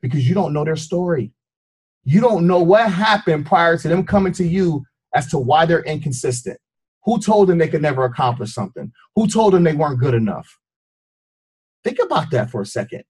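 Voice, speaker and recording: A fitness trainer gives a motivational speech that is preachy and repetitive, often putting questions to his listeners. His voice is fairly high, animated and a little fast, somewhat mellow and slightly rough.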